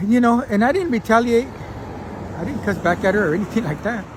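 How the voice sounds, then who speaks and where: A male pastor giving a casual, conversational sermon, often clearing his throat, restarting phrases and checking in with a quick "right?". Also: high voice, lively intonation, a little hiss or hum.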